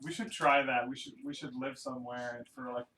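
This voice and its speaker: A man's voice: medium pitch, steady tone, fairly quick, recorded from a distance. A man in casual podcast chat while watching a film, mostly short reactions and questions. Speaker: podcast co-host. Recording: roomy, noisy, off-mic sound.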